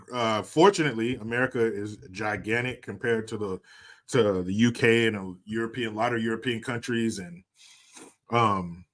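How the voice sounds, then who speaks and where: A man's voice: on the low side, a bit bright. Jokey, profane man in his forties. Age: 40s. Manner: jokey, profane, laughs often. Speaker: live stream host. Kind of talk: casual live stream chat, reading viewer comments.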